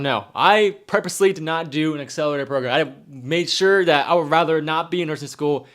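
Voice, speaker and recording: A young man talks casually through a live Q&A, reading out viewer questions before answering them. His voice sits a little high for a man, and he rambles and repeats phrases for emphasis. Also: a little fast, hardly any pauses, a bit bright. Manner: rambling, repeats himself, reads chat aloud. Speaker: nurse streamer answering questions.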